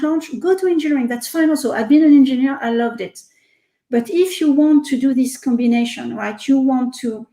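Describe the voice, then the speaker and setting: French-accented woman, high voice, echoey room. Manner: animated, repeats words, many fillers. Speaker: research executive guest. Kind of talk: casual interview chat.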